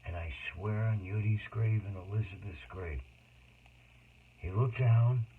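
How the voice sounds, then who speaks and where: A man telling a personal story in a rambling, emotional monologue with sudden loud outbursts. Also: fairly low pitch, measured pace. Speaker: autobiographical storyteller. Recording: tinny phone-like noisy recording.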